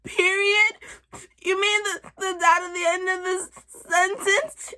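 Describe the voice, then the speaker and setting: A woman's voice: little pitch movement, slow, sharp tone, exaggerated voice. Woman doing a panicked little girl. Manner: high whiny panicked kid voice. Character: scared crying eleven-year-old girl.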